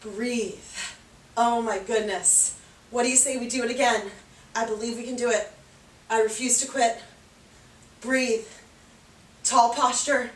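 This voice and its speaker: An upbeat woman fitness instructor counts down reps and cheers on her class, a little out of breath from exercising along. Her voice is high and her delivery is unhurried. She sounds set back from the mic in an echoey room. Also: steady tone, recorded from a distance.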